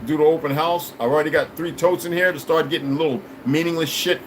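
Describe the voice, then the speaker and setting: Male streamer, slightly high voice, blunt and profane, preachy rambling delivery. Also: steady tone, fast talker, slight background noise, rough recording. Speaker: livestream host talking to viewers. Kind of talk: rambling casual livestream chat.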